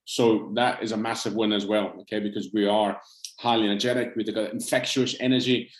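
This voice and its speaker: A man's voice: fairly low pitch, little pitch movement, brisk. Guy coaching a group online, upbeat, keeps saying okay, roomy sound. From South Africa. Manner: upbeat and encouraging, checks in with "okay?". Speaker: nutrition coach. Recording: roomy echo.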